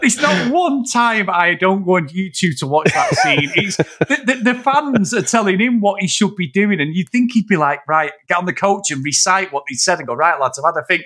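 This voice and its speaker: A man's voice: sits high, normal speed, hardly any pauses. A man co-hosting a casual film podcast, swearing and eagerly acting out his favourite scenes. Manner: animated, swearing, acts out scenes. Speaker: podcast co-host.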